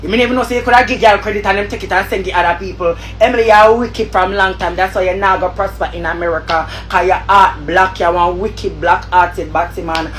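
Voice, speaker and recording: A woman's voice: lowish voice, fairly even intonation, fast talker, few pauses, a bit bright, slight background noise. A woman with a Jamaican accent in a heated, angry rant, repeating and swearing. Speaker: vlogger.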